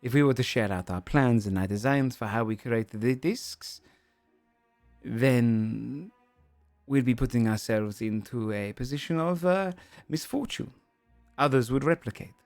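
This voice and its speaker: A man's voice: mid-range voice, unhurried, a little mellow, no room sound, soft background music, lightly acted. A man voicing a shrewd female councillor who explains her terms persuasively.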